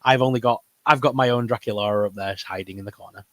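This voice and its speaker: A man with a northern English accent co-hosts a casual chat about toy and geek news, his lowish, fairly bright voice moving at a quick, steady clip. He rambles in an upbeat way and sometimes trails off into humming. The recording is dry.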